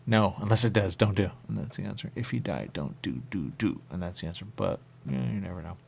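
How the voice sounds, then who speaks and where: A man with a very low voice and a rough, gravelly fry, hosting a radio show. He rambles in loose circles, comes back again and again to a pet phrase, and jumps into squeaky high voices when he quotes others. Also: brisk, a little mellow. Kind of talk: rambling spiritual monologue. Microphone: radio studio mic.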